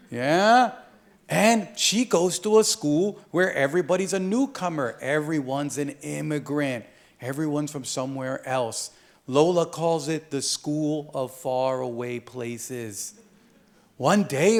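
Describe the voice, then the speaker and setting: Reading his own picture book aloud at a live event, a Caribbean island author jokes around and drops slang. His voice runs fairly high.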